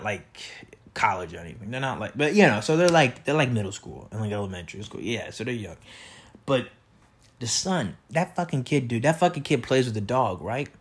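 A man's voice: mid-range voice, slightly rough. A man hosting a podcast, telling rambling, profane stories about his neighbors in a casual, meandering way with lots of fillers and restarts. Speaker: podcast host.

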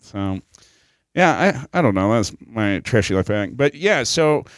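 A man's voice: lowish voice, measured pace, no echo, studio quality. A man co-hosting a casual comedy podcast, telling stories and acting out other people's voices. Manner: animated, acts out others' voices while storytelling. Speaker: podcast co-host.

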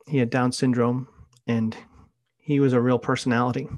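A middle-aged man hosts a podcast in a casual, conversational monologue, drifting from one anecdote to the next. His voice sits in an ordinary middle pitch and sounds dry and close, with no room around it. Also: little pitch movement, normal speed, a little mellow, dry recording. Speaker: podcast host.

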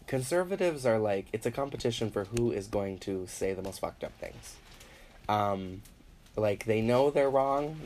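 A man doing a casual comedic monologue as a podcast host. He rambles, swears freely, acts out other people's voices, and grows loud and animated when he gets worked up. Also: lowish voice, slight background noise.

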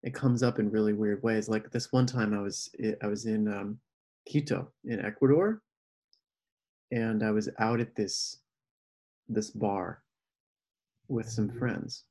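A man's voice: fairly low pitch, unhurried, long pauses. A man telling a personal story in casual conversation, acting out the people he quotes with animation. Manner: animated, acts out quoted voices. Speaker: podcast guest.

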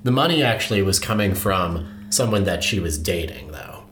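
A man with a lowish voice recounting a true-crime case for his podcast. He talks loosely and casually, scattering fillers and laughing easily. The recording has a noticeable roomy echo. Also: animated, moderate pace, fairly bright tone. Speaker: podcast host.

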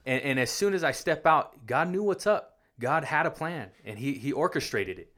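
A man casually telling his faith testimony, halting and repeating words, acting out what people said. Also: fairly high pitch, expressive, fairly bright tone. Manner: halting, repeats words, acts out quoted speech. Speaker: guest sharing his testimony. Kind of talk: casual storytelling conversation.

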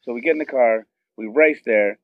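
A middle-aged man tells a story with rising excitement and acts out every quoted line himself. His voice comes through a thin, tinny phone connection, dry with no room sound, and sits at a middling pitch. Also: fairly quick, no echo. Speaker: guest telling a story. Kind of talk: animated storytelling on a phone call.

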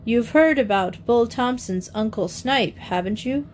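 A woman voicing a friendly, relaxed young man who jokes with children and gives warnings. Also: fairly high pitch, unhurried, a little hiss or hum, close to an everyday voice. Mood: easygoing. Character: young man Tom, easygoing and kind driver.

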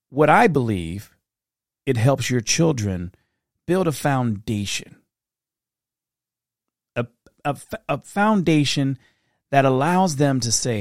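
A middle-aged man hosting a reflective solo podcast, talking earnestly in a storytelling way that turns soft-spoken at times. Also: medium pitch, no room sound, clean studio sound. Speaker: podcast host.

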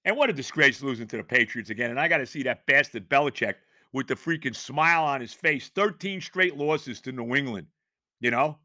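A man's voice: medium pitch, brisk, bright, forceful tone, no echo, clean studio sound. A middle-aged man hosting a sports podcast, ranting angrily and profanely about his team's loss, worked up and exasperated. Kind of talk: angry sports rant.

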